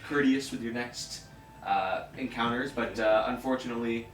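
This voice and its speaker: A man running a tabletop game as game master, wrapping up the session in a casual, halting way with many fillers. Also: mid-range voice. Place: room at a local access TV studio. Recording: roomy, distant mic with faint noise.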